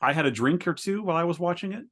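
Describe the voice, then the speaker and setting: A man's voice: expressive, racing, fairly bright tone. A man co-hosting a podcast in casual chat, rambling and stammering as he describes things, laughing often. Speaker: podcast co-host. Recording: lower quality than usual.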